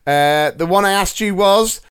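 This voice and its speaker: A man's voice: high voice, measured pace, background noise. A man hosting a movie podcast, jokey, upbeat and chatty. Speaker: podcast host. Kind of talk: casual chat.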